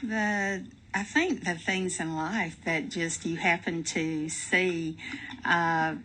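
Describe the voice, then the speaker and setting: An older woman, a grandmother, speaking as a radio guest in a halting, gentle way with many pauses. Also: on the low side, steady tone, low-quality recording. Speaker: guest, spiritual director. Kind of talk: radio interview chat. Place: radio studio.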